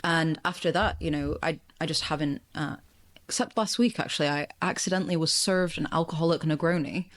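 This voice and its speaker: Speaking briskly in a deep voice, an English woman guests on a podcast as the founder of a marketing agency. The interview is relaxed and conversational, and she laughs a lot and leans on fillers.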